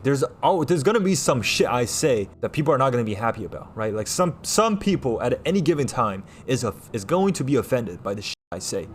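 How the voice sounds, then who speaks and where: A young man from New York, livestreaming and telling a personal story to his chat in a rambling way, loud one moment and hushed the next. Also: mid-range voice, a little hiss or hum.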